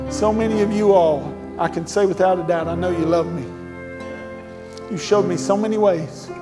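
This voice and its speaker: A middle-aged man preaches in a folksy, storytelling way that swells into fervent emphasis. His voice sits a bit high for a man. The sound carries a long church reverb over clear instrumental music. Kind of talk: sermon storytelling to a congregation. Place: church sanctuary.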